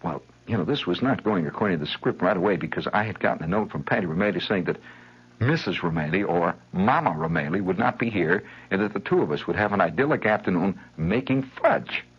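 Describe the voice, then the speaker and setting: A man telling a rambling, wry childhood story as a radio monologue, animated and chuckling, on a lo-fi 1970s broadcast. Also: low voice, a little fast, breathy edge.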